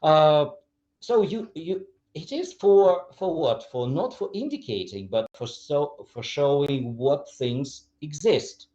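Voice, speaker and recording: Slow ukrainian-accented guy teaching english, mellow dark voice, keeps asking clear?. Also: fairly high pitch, animated, dull audio. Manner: repeats example phrases with exaggerated intonation, asks "clear?". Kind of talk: lecture to teachers.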